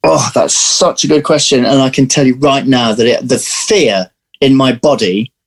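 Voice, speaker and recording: A man being interviewed as an actor, telling lively anecdotes in casual chat over a video call. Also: mid-range voice, normal speed, rough recording. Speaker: actor guest.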